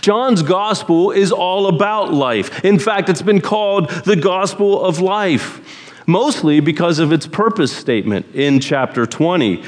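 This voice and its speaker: A pastor giving a sermon with deliberate, emphatic phrasing. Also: male voice, sits high. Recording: long hall reverb.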